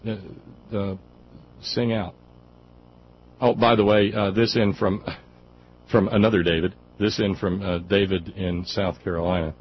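Man, radio talk show host, low voice, stammers, jokey, muffled radio sound. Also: level tone, a little slow, long pauses. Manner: stammers and restarts, joking. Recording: dull radio recording with faint hiss.

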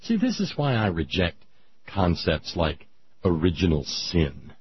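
A man's voice: low voice, wildly swooping pitch, unhurried, highs cut off, slight background noise. A man hosting a talk show, delivering a sarcastic, opinionated monologue. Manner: sarcastic, ranting, mocking voices.

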